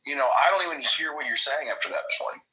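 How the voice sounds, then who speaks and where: A man's voice: a little high, fast talker, bright, forceful tone, rough recording. A man from Georgia in the US chatting casually on a podcast, blunt and profane, telling stories with animation. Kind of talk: casual chat.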